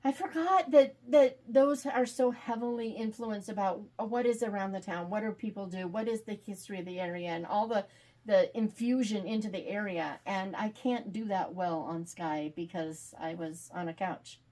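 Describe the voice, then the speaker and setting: A woman author being interviewed, chatting casually and animatedly, quick to laugh. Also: mid-range voice, darkish tone. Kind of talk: casual video call chat.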